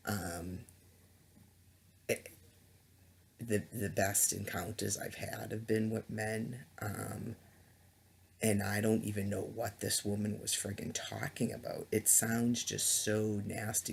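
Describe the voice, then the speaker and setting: A man's voice: fairly low pitch, flat delivery, takes it slowly, gravelly, slight background noise. A man giving a rambling, indignant webcam monologue, full of ums, stutters and restarts, on a laptop webcam mic. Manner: hesitant, many ums and restarts; disgusted, indignant. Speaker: vlogger.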